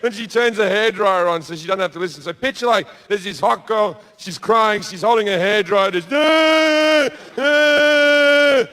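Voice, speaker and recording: Crude comic, high voice. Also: male voice, brisk, few pauses. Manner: crude, deadpan storytelling with sudden loud bursts. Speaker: stand-up comedian. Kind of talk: stand-up storytelling. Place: stage before a live audience.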